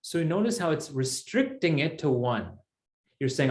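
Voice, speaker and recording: A man's voice: fairly high pitch, animated, moderate pace, a little mellow, roomy sound. A man teaching a Sanskrit class, explaining patiently step by step. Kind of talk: online language class.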